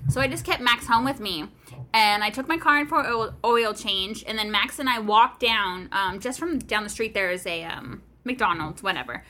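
A woman's voice: medium pitch, moderate pace, pushed and bright. A woman in her thirties, a podcast co-host, telling a story in casual chat, swearing freely.

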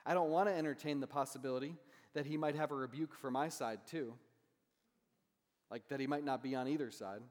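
Conversational preacher in a reverberant hall. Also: male voice, mid-range voice, a little fast. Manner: conversational, asks "right?" often. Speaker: pastor. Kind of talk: sermon.

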